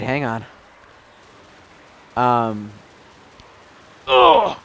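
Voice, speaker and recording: Young adult man, American accent, mid-range voice, casual gaming chat, sudden excited yelling. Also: mid-range voice, moderate pace, slight background noise. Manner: bursts into excited shouting at the game. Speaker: celebrity guest. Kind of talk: casual chat while playing a video game.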